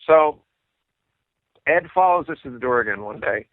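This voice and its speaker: A middle-aged man, a rock bassist, telling stories casually and slipping into other people's voices as he goes. The sound is thin and phone-like, and the room is dry. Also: normal speed, no echo. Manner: animated anecdotes, acts out quoted dialogue. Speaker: interview guest, rock bassist. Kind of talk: casual storytelling.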